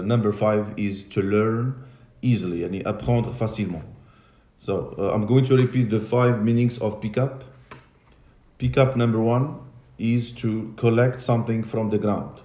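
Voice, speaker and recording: A man's voice: fairly low pitch, warm tone. A man teaching English to a class, patiently repeating and spelling out words and switching into Arabic and French. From Morocco. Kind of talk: classroom lesson. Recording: echoey classroom.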